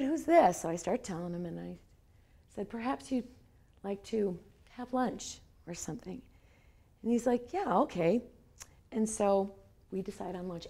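A woman's voice: mid-range voice, vocal fry, dark tone. A woman in her fifties telling a personal story at a lecture, animatedly acting out the quoted dialogue. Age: 50s. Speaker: lecture speaker. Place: lecture hall.

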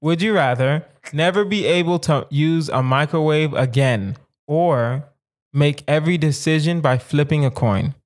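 A young man hosts a loose comedy podcast, his voice sitting a bit high. He talks playfully, repeats lines for the laugh and laughs easily. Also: a little slow. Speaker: podcast host. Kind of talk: casual comedy podcast chat.

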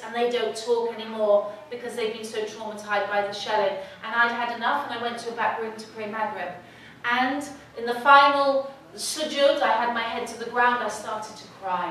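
Earnest woman speaker, slightly high voice, recorded from a distance in a reverberant hall. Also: fairly bright tone. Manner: earnest, heartfelt storytelling. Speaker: guest speaker. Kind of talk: emotional personal story talk. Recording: echoey hall, distant mic, faint noise.

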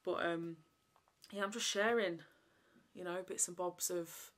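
A woman chats to camera in a loose, rambling way, her voice sitting a little low. She circles back on herself with plenty of fillers, like a friend catching you up. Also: steady tone, a little slow, a bit bright. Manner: rambling, chatty, lots of fillers. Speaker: vlogger. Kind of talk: casual chat to camera.

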